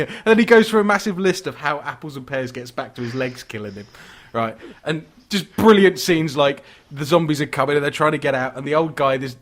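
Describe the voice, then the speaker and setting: A man's voice: a little high, brisk. Man, podcast co-host, eager rambling chat with laughs. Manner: enthusiastic, laughing, rambling with restarts. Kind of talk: casual horror film chat.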